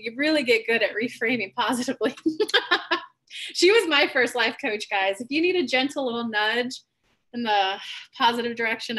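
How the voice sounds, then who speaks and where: High-voiced bubbly woman hosting live. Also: pushed and bright. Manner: bubbly, candid storytelling. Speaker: host of a live reading stream. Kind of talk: casual live-stream chat.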